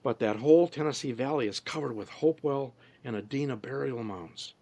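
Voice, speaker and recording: A man's voice: mid-range voice, brisk, dark tone. A man being interviewed, talking casually and telling stories, often quoting people he met. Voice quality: gravelly, husky. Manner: storytelling, quoting others in voices. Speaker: interview guest, researcher.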